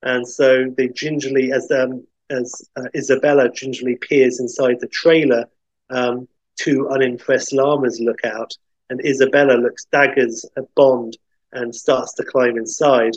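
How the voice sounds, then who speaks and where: A man hosting a podcast, telling a film pitch as a lively story full of fillers, in a dull, dry recording. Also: a little slow, no room sound. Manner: animated retelling with many fillers.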